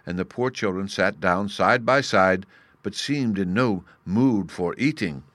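A man reads a storybook aloud in a measured, expressive way. His voice is on the low side, and the sound is close and dry with no room around it. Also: dry recording. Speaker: narrator. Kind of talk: scripted storybook narration.

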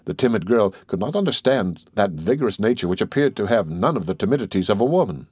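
A man narrating a classic novel as an audiobook in a steady, measured way. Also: on the low side, slightly rough, dry recording, studio quality.

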